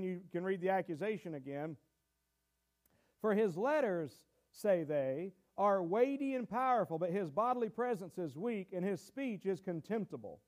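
Man, high voice, folksy halting sermon, repeats words. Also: a little mellow. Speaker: pastor.

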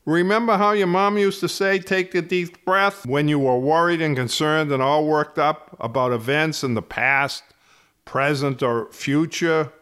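A man who runs a fitness channel, explaining health topics in slow, deliberate, emphatic phrasing. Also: fairly high pitch, fairly bright tone, smooth, no room sound, clean studio sound. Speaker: fitness instructor. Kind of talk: slow explanatory talk to camera.

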